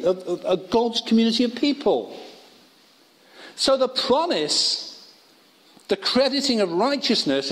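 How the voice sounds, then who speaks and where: Male preacher with a high, animated voice and a chatty, wry sermon delivery, recorded in a reverberant worship hall. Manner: conversational with humorous asides.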